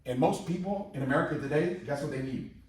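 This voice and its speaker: A man in his fifties giving an energetic, repetitive motivational sales presentation to a live audience in a large room, rallying the crowd. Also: a little high, fast talker, slight background noise. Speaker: company presenter. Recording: very echoey hall, mic far off.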